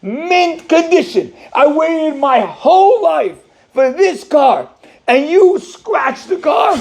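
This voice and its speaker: A man's voice: very high voice, big pitch swings, slow pace, vocal fry, a little mellow, voice pushed up, exaggerated voice. A man playing an outraged young man in his twenties who rants and repeats himself about his damaged car. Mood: livid. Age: 20s.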